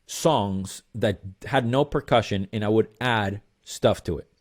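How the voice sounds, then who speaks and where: A man's voice: fairly low pitch, unhurried, darkish tone. A man in his thirties, a musician guest, telling a long rambling story in an interview with lots of fillers.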